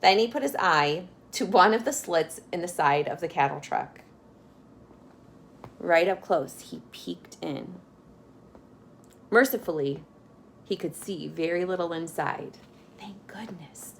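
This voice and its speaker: A woman's voice: on the low side, slight background noise. A woman reading a children's chapter book aloud, adding friendly asides that explain words to young listeners. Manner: adds asides and explanations for kids. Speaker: storyteller.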